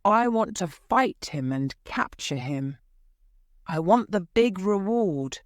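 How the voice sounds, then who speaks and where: A woman's voice: mid-range voice, animated, slow, no echo, studio quality. A woman reading as a boastful army sergeant. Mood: eager. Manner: boastful, bold.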